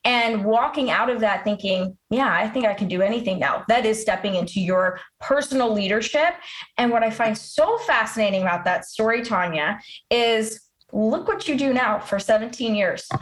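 A woman's voice: a little high, lively intonation, normal speed, rough recording. A woman hosting an interview podcast, bubbling with enthusiasm. She praises her guest again and again, leaning into each compliment. Her talk is casual and chatty. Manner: enthusiastic, effusive, repeats praise. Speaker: podcast host.

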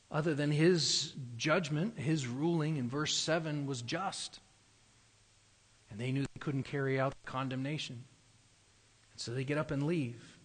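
A pastor preaching a sermon, explaining scripture in an earnest, steady way. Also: male voice, on the high side, slightly rough. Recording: long reverb of a large hall.

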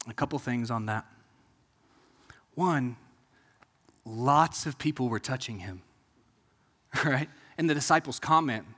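High-voiced pastor preaching in a reverberant church. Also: male voice, expressive, slow pace. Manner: earnest, builds to emphatic peaks then drops quiet. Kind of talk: sermon. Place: church sanctuary. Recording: long hall reverb.

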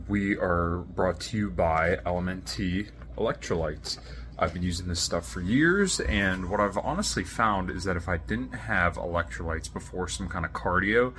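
A man's voice: sits low, fairly bright tone, slight background noise. A man reading a sponsor message on a podcast in a loose, casual way with many fillers. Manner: loose, filler-heavy delivery. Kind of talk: casual ad read.

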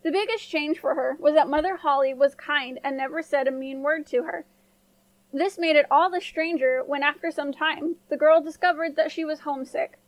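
A woman storyteller reading a fairy tale in a gentle, clear voice that sits high. The sound is close and dry, with no room around it. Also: normal speed, no echo, low-quality recording. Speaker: storyteller, podcast host. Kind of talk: scripted storybook narration.

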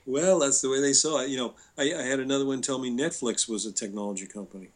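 An older man chats as a guest on a podcast, spinning business anecdotes. He quotes other people and chuckles as he goes. His voice sits at an ordinary middle pitch. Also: fast. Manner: storytelling, quoting others, chuckling. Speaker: guest entrepreneur. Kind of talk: conversational podcast interview.

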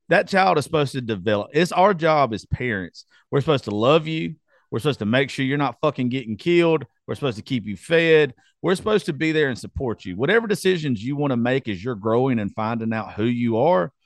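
A man speaks in an expressive, up-and-down voice, earnest and emphatic. He stacks his points one after another and swears freely. The sound is dry and close. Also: mid-range voice, no echo. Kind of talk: casual chat.

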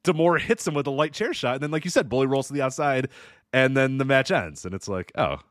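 A male podcast host with a mid-pitched voice who rambles in a laid-back way. He is recorded close and dry on a studio mic. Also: expressive, fast talker, fairly bright tone, no room sound. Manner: laid-back, rambling, often laughing along. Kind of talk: casual podcast chat.

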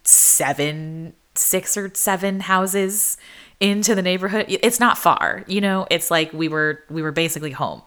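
Low-voiced chatty woman. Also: measured pace, a bit bright, clear, resonant tone. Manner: chatty and candid, full of "like" fillers, laughs often. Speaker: singer-songwriter. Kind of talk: casual storytelling.

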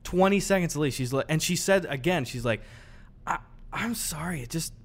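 A man's voice: fairly high pitch, lively intonation, normal speed, gravelly. A young man co-hosting a podcast, telling a story in casual chat, swearing freely and acting out both sides. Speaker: podcast co-host.

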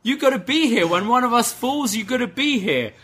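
A man putting on the voice of an indignant young wrestler who scolds his friends in a shrill, exasperated rant. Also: animated, brisk, fairly bright tone, slightly rough, exaggerated voice.

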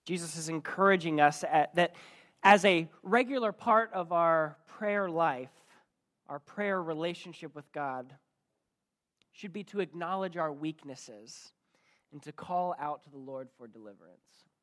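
Casting note: male pastor, fairly high voice, sermon delivery, loud-soft swings. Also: measured pace. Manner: storytelling with dynamic swings in loudness. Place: church.

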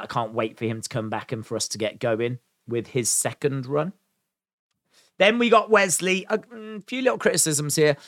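A man talks through a wrestling show recap in a loose, chatty way, dropping plenty of "uh"s and "um"s as he goes. His voice sits at an ordinary middle pitch and sounds eager about what he's covering. The recording is close and dry, with no room sound around it. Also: fairly bright tone, no echo. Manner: chatty, with frequent "uh" and "um". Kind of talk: casual spoken recap.

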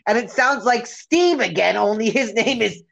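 A woman's voice: fairly high pitch, lively intonation, moderate pace, gravelly, a bit bright. A woman co-hosting a podcast in casual chat, joking and telling stories. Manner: joking, storytelling. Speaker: podcast co-host.

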